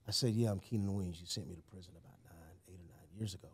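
With a deep voice and a racing delivery, a man tells his own story on a podcast. It's casual conversation, animated and emphatic, sprinkled with "you know" and "man."

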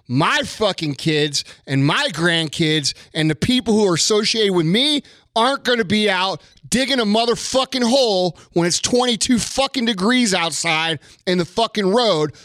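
A young man telling a story and ranting to his listeners, heated and profane, building into a forceful lesson. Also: high-pitched, dry recording. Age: young adult.

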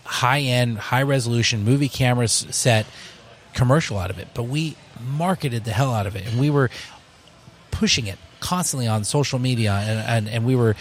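A man, a bar co-owner, telling stories in a casual interview, animated and full of restarts. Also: medium pitch, fairly quick, slight background noise. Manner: storytelling, animated, many restarts.

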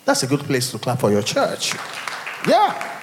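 Nigerian male pastor, middle-aged, lively and fairly high voice, rhetorical sermon delivery, long church reverb. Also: measured pace, crowd noise, noisy background. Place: church hall.

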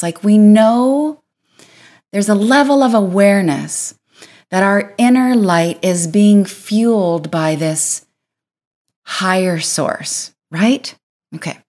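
A woman hosting a spiritual podcast, talking in an earnest, playful way and drawing out key words. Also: deep voice. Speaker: podcast host. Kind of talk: reflective spiritual podcast talk.

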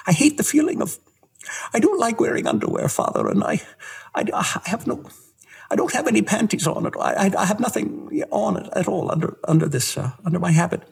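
Man doing a trembling falsetto nun. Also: lively intonation, brisk, gravelly, husky, exaggerated voice. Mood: flustered. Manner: stammering, breathless, falsetto whispers. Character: petite tremulous young nun, nervous woman. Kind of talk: joke telling.

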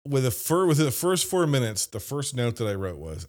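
A man's voice: medium pitch, very animated, a little fast. A man from Ohio hosting a casual movie-review podcast, laughing often and mimicking lines from films. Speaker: podcast host.

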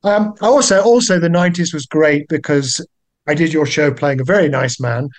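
Genial older British man, higher pitch. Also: normal speed. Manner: genial, wry, self-deprecating, with lively pitch jumps. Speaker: guest actor. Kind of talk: relaxed podcast chat.

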